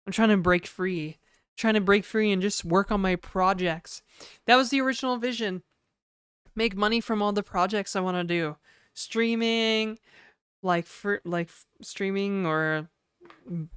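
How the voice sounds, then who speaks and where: A woman's voice: mid-range voice, smooth, no echo. Woman streamer, young adult, casual rambling chat, lots of fillers, self-deprecating, dry close sound.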